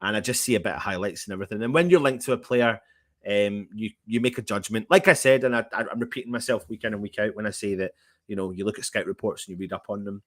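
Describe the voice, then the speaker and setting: A man's voice: fairly low pitch, quick pace, no echo, clean studio sound. A man hosting a casual football fan livestream, reading out viewer comments in a chatty, matey way. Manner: chatty and matey, often calling viewers mate. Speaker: football fan channel host.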